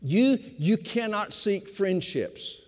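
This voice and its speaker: An older man, a pastor of fifty years, preaching a sermon with emphatic repetition, slowing for stress and speeding through asides. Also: high-pitched, expressive, a little mellow. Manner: emphatic preaching, repeats key phrases, shifts between slow stress and quick asides. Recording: long hall reverb.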